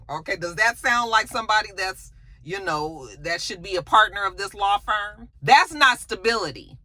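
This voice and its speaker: A woman talks through a TV episode recap in a loose, unfiltered way, heavy on slang and swearing. Her voice is bright and pushed forward. She keeps it conversational and animated from start to finish. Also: mid-range voice, moderate pace. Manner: animated, slangy, profane retelling. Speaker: TV recap host.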